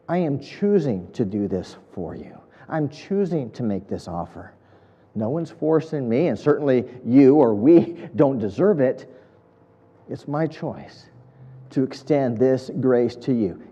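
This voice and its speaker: A man's voice: mid-range voice, mellow, big-room sound, muffled recording. A man preaching an earnest, emphatic sermon, building points through repetition. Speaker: pastor.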